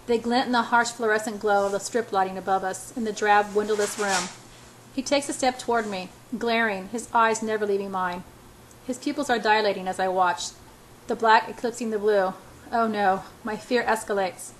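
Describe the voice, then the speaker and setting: A woman reading a novel aloud in a halting way, stumbling over words and restarting. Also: medium pitch, steady tone, slight background noise, rough recording. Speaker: audiobook reader.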